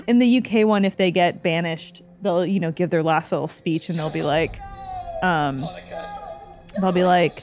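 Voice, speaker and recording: A woman from Canada chatting casually with friends during a gameplay session, animated and quick, slipping into mocking voices. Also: lowish voice, soft background music. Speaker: show regular. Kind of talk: casual chat over a gameplay stream.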